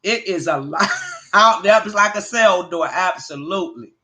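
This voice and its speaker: A woman hosting a livestream, chatting casually with viewers and telling animated, profane stories. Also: fairly low pitch, moderate pace, slight background noise. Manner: addresses viewers by name. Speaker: livestream host.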